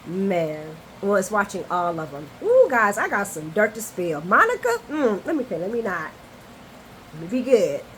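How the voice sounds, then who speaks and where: A woman hosting a casual soap opera recap, chatty, expressive and candid. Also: medium pitch, normal speed, a little hiss or hum, low-quality recording.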